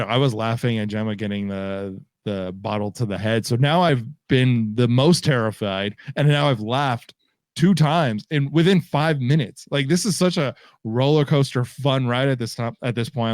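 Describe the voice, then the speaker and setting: A man's voice: medium pitch, normal speed, no echo. Man, casual podcast co-host, rambling fillers, dead-dry sound. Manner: loose, filler-heavy, says "you know what I mean" a lot. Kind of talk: casual film chat.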